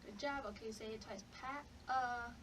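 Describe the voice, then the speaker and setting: A woman demonstrates a therapy session, encouraging and patiently repeating simple word prompts in a high voice. She sounds distant from the mic, with a faint hiss behind. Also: a little slow. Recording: voice picked up from a distance.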